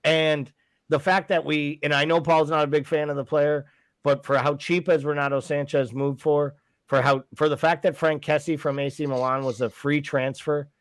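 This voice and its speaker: A man's voice: a little high, level tone, moderate pace, no room sound. A man co-hosting a casual podcast, blunt and sarcastic. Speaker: podcast co-host.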